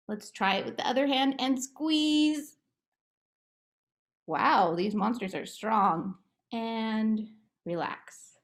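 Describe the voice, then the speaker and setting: A woman therapist talking about her work and gently guiding a relaxation game for children, in a slow, coaxing way. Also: medium pitch. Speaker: play therapist. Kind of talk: guided relaxation script for children.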